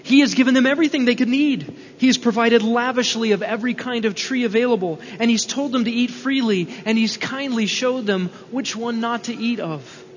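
A man's voice: extremely high pitch, brisk, hardly any pauses. A man preaching an expository sermon in an earnest, explanatory way, asking rhetorical questions, in a church hall. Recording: dull, reverberant hall recording with faint hum.

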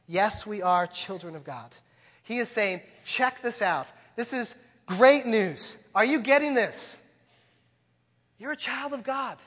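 A man in his thirties preaching a sermon as a pastor, speaking earnestly and moving between hushed and emphatic delivery. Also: high voice, big-room sound.

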